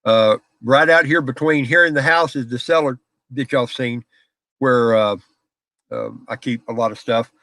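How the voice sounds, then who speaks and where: A man's voice: mid-range voice, moderate pace, sharp tone, no room sound. Folksy man chatting on a live stream. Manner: folksy storyteller, laughs often. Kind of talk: casual live chat with viewers. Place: small office out back.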